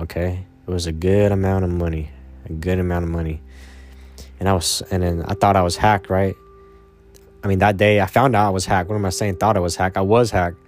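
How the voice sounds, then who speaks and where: A young man telling a personal story in a rambling, casual way, repeating himself, swearing and often trailing off quietly. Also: sits low.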